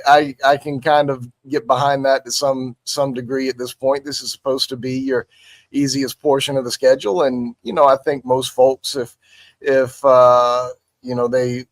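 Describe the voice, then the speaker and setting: Male sports analyst, mid pitch, halting delivery, dry sound. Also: no room sound. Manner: halting, many restarts and fillers. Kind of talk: casual sports talk.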